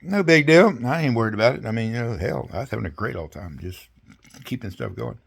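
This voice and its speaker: A man's voice: fairly low pitch, expressive, fast, gravelly, breathy edge. An older man recounting his service in a rambling, folksy way, speaking casually over a video call. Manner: rambling, folksy, salty, chuckling. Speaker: veteran interviewee. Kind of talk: casual storytelling interview.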